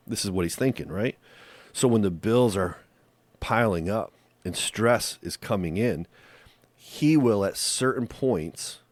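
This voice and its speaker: Deep-voiced man giving earnest relationship advice. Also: no room sound. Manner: earnest, conversational, uses rhetorical questions. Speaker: podcast host. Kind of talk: faith-based relationship advice monologue.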